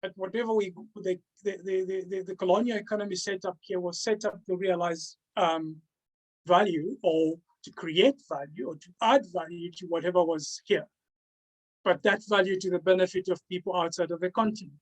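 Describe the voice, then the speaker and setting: Presenting his own book in an academic talk over a video call, a man halts and repeats words as he restarts sentences. His voice is high with a steady tone, and the recording quality is low.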